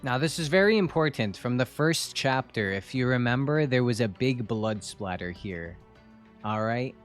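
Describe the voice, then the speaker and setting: A man's voice: mid-range voice, animated, normal speed, soft background music. A young man streaming a game, chatting casually with viewers in a joking, self-mocking way. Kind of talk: casual live-stream chat while gaming.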